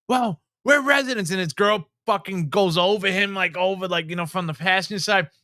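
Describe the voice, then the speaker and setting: A podcast host tells stories in casual chat, animated and swearing heavily while acting out the people he quotes. His voice sits high and his delivery is brisk, captured in a dry, studio-quality recording.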